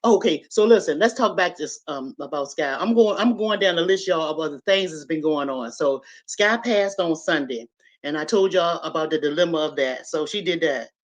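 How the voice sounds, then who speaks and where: A woman's voice: low-pitched, normal speed, low-quality recording. Chatty woman live streaming from home. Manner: chatty, profane, addresses viewers as y'all. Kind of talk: casual live stream storytelling. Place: at home, moving from kitchen to living room. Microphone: laptop on a live stream.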